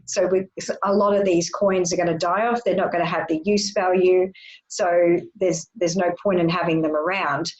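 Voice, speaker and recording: A woman talking markets in a loose, chatty way, full of fillers and restarts. Her voice sits at an ordinary middle pitch. The sound is dull and lo-fi, like an online call. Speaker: guest trader. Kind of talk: casual chat.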